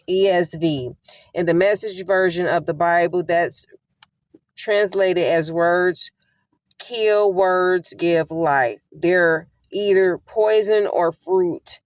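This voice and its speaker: A woman's voice: lowish voice, dry recording. A woman hosting a casual Bible study on her phone, irritated and repeating herself. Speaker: host of an online Bible study. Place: in her vehicle. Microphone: phone camera.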